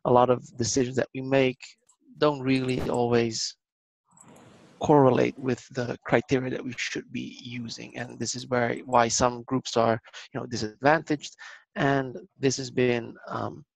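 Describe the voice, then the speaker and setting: A man speaking as a guest on an online business seminar, explaining in a measured way with filler ums, over a video call. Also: mid-range voice, level tone, vocal fry, dry recording, poor audio. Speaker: company guest.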